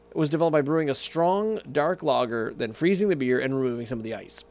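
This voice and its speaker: Animated rambling man telling stories. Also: medium pitch, quick pace, few pauses. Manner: rambling, tangent-prone, self-correcting. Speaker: vlogger. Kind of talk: casual storytelling and beer tasting.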